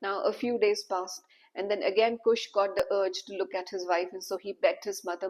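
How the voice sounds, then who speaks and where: A woman storyteller, narrating a folk tale in a lively, conversational way. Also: mid-range voice, normal speed, poor audio. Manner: animated, conversational asides.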